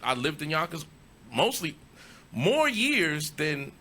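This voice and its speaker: A man's voice: fairly high pitch, sing-song, slow pace, pushed and bright. A man from New York hosting a casual studio interview, joking and bantering with his guest. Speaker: interview host.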